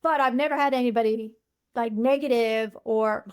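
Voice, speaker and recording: Woman podcast guest, higher voice, blunt and emphatic. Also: normal speed, a little mellow, smooth. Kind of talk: casual interview chat.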